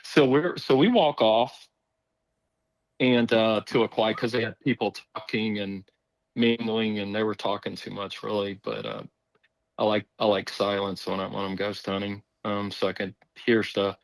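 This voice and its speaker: A man's voice: fairly low pitch, normal speed, creaky, no echo, low-quality recording. Man rambling through a story, dry sound. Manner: rambling, animated, acts out quoted voices. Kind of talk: casual storytelling.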